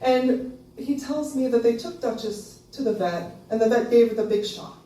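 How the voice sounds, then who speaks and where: A woman in her fifties telling a personal story on stage, animated and laughing often, jumping into a high squeal when she quotes herself. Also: moderate pace. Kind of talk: live storytelling performance. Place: small live venue with an audience. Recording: echoey venue, voice a bit distant, faint background noise.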